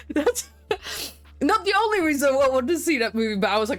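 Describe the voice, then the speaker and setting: A woman streaming a game, chatting casually with her viewers in an excitable, talkative way that often breaks into laughter. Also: on the high side, a little slow, pauses often, soft background music.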